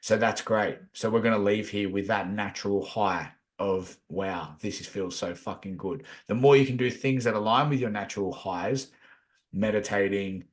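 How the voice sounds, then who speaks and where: A man's voice: on the low side, moderate pace. Laid-back man swearing through spiritual chat. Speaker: podcast co-host. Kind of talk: casual chat.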